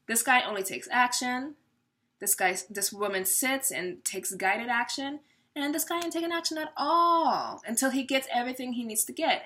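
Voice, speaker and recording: Woman, tarot reader, casual reading to camera, bright forceful tone, chatty, laughs a lot. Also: on the high side. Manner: chatty and laughing, slipping into voices.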